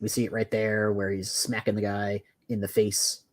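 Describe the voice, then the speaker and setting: A man co-hosting a casual comic review chat, animated and picky about details. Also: lowish voice, moderate pace, no room sound. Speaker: podcast co-host.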